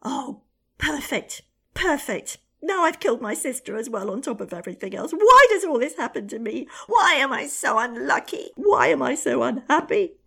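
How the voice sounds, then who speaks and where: A shrieking queen of the underworld, wild with grief and fury, as a woman storyteller puts her on. Her voice leaps high and loud, with a gravelly, husky edge. She is bitter and sorry for herself. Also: sing-song, normal speed, exaggerated voice. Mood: wailing. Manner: shrieking, self-pitying.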